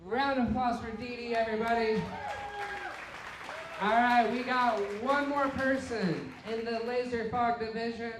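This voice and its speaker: A man's voice: extremely high pitch, steady tone, measured pace, noisy background. A man hosting a comedy show, introducing the next comic with upbeat crowd hype. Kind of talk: emcee introductions. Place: brewery comedy stage, live crowd. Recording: roomy live-venue sound.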